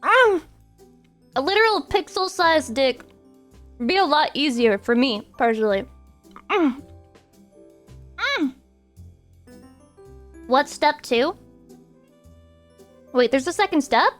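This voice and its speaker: A young woman with a high voice chats casually with her stream viewers, playful and teasing. She breaks now and then into sudden squeaky outbursts. Faint music plays behind her. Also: big pitch swings, slow, long pauses, fairly bright tone. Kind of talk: casual chat reacting to viewers.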